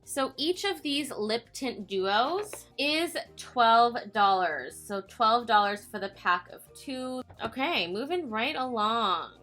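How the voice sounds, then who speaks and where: A woman's voice: a little high, expressive, slow pace, few pauses, a bit bright, faint music behind. A young woman reviewing makeup in a vlog, chatty, giggly and self-mocking, tired from filming late at night. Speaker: beauty vlogger.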